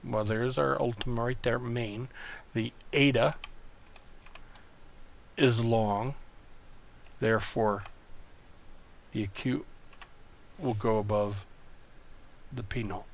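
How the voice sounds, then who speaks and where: Slow, gravelly-voiced male tutor. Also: medium pitch, fairly even intonation. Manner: slow, methodical, thinking aloud. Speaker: Greek tutor. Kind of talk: recorded online lesson.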